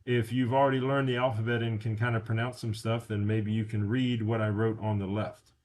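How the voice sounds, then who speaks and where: A man's voice: fairly low pitch, level tone, a little mellow, a little hiss or hum. A man teaching a beginner language lesson from slides, repeating words for practice. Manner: repeats words slowly for drilling.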